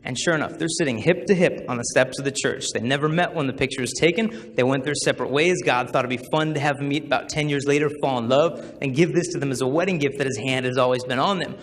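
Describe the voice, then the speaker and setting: A man's voice: medium pitch, quick pace, hardly any pauses. A young man in his twenties giving a humorous talk, acting out the voices in his stories. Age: 20s. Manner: animated, acts out quoted voices. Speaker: chastity speaker. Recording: hall reverb with faint noise.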